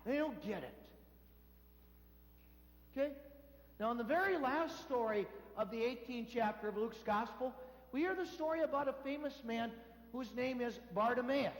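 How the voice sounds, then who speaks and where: Priest preaching a homily, pretty high voice, big echoey church sound. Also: male voice. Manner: animated storytelling, acting out voices in quotes. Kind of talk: sermon.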